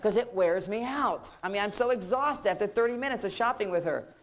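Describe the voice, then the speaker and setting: A man's voice: high voice, lively intonation, a little fast. A man giving a humorous seminar talk on relationships, joking and acting out quoted couples as he goes. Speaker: relationship lecturer.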